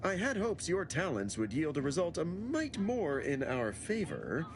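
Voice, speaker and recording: A man's voice: on the high side, huge pitch swings, unhurried, exaggerated voice. A man voicing a pompous corporate executive in a video game, with formal, ornate wording. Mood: condescending. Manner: formal, ornate wording with old-fashioned turns of phrase. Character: pompous, long-winded male corporate executive.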